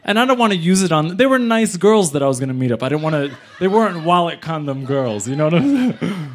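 A man doing stand-up storytelling, animated and slangy, jumping in and out of character voices. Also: a little high, fast talker, a little hiss or hum. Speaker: stand-up comedian.

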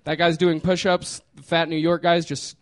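A man's voice: on the high side, level tone, moderate pace. A man casually telling a personal story, laughing often and trailing off with fillers.

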